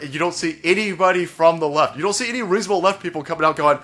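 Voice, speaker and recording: A man's voice: very fast, hardly any pauses, bright, forceful tone. An American man delivering a profane, mocking comedy rant on a vlog. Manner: profane, mocking, mimics opponents in shrill high voice. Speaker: comedian and political commentator. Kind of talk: ranting vlog monologue.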